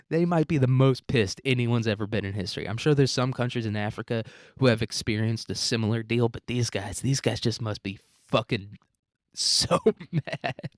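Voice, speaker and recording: A man's voice: medium pitch, moderate pace, no echo, clean studio sound. A man hosting a casual history podcast, talking in an irreverent, profane way and acting out the people he quotes. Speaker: podcast host.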